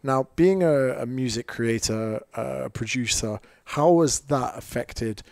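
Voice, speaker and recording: A man's voice: mid-range voice, unhurried, gravelly, darkish tone, no echo. A man hosting a podcast who asks long, rambling questions and laughs easily. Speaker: podcast host. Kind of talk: casual chat.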